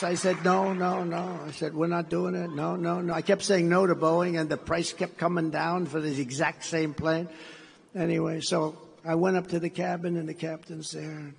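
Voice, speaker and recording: Gravelly older man telling a rambling story. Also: on the high side, little pitch movement, moderate pace, a little hiss or hum. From United States. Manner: repetitive, meandering storyteller who acts out dialogue. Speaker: gala speaker. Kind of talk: rambling speech anecdote. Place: large banquet hall. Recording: reverberant hall sound.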